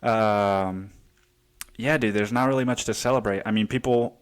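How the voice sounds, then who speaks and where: Guy rambling on his own podcast, kinda low voice, breathless, cussing and laughing. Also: fairly even intonation, measured pace. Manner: profane, rambling, laughs often. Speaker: podcast host. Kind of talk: casual solo podcast monologue.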